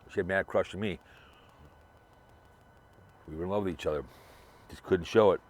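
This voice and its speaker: Low-voiced man rambling while driving. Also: moderate pace. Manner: rambling, repetitive, restarts a lot. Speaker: vlogger remembering a late fellow creator. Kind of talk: casual rambling monologue.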